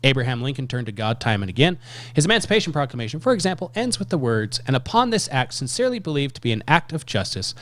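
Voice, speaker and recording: A man co-hosting a podcast, chatting casually and reading historical quotes aloud with emphasis. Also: medium pitch. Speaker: podcast co-host.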